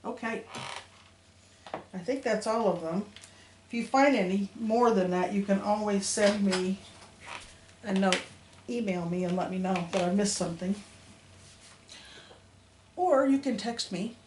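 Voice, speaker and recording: A woman's voice: mid-range voice, a little slow, long pauses, darkish tone. A middle-aged woman teaching young children to read, sounding out letters and words in a patient, sing-song way. She talks unhurriedly. Her voice rings in a roomy space over a faint background hum. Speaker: elementary school teacher. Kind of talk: phonics lesson to young children.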